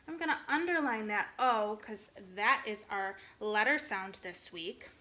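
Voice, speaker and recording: A woman teaching a recorded phonics lesson to kindergartners, speaking slowly and clearly in an encouraging way. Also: medium pitch, expressive, pushed and bright. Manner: slow, clear, encouraging teacher talk to young children.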